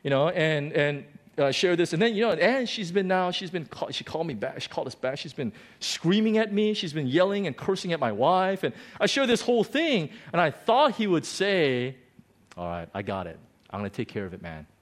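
A man in his forties preaching with a bright, high voice, telling a long story from his own life. He restarts his sentences often and jokes at his own expense. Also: normal speed. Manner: animated, self-deprecating storyteller with restarts. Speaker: pastor. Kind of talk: sermon storytelling.

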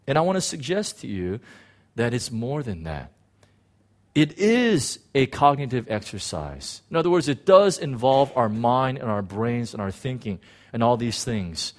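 A man preaching a sermon in an animated way, acting out biblical figures, with frequent restarts. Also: medium pitch, measured pace. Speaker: pastor.

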